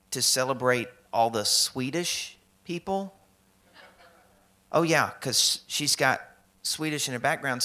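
Bright-voiced joking preacher man. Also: medium pitch. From American South. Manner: conversational and joking, acts out quoted people. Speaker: pastor. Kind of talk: sermon.

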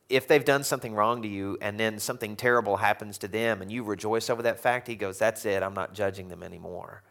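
A man preaching a conversational sermon in a church, animated and chuckling often. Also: fairly low pitch. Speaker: pastor. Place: church sanctuary.

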